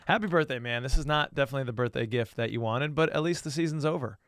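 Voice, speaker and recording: A man's voice: mid-range voice, fast, fairly bright tone, smooth, no echo, studio quality. A man co-hosting a casual sports podcast, joking and teasing his cousin in an easygoing way. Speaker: podcast co-host.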